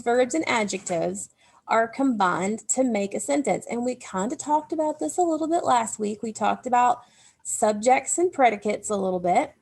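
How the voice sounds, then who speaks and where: A woman's voice: fairly high pitch, creaky. A woman teacher giving a recorded grammar lesson to young children, explaining step by step in a patient way. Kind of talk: recorded remote phonics lesson.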